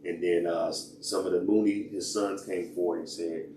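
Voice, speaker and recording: A man's voice: deep voice, steady tone, moderate pace, dark tone. A man hosting a casual solo podcast, rambling and hesitant with many fillers and restarts. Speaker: podcast host. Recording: echoey room, mic at a distance, faint noise.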